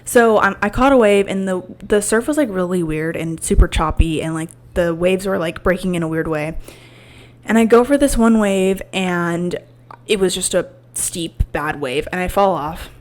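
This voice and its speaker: A woman's voice: fairly low pitch, normal speed. A woman in her twenties hosting a podcast, telling a personal story in a casual, candid way, full of "like" and swearing. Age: 20s. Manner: rambling, filler-heavy with frequent "like" and swearing; emotional and candid. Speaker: podcast host.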